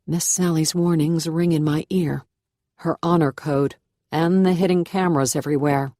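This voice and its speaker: Woman narrator, low and dry, tense first-person thriller read, measured and hushed. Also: steady tone, no room sound. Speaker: audiobook narrator.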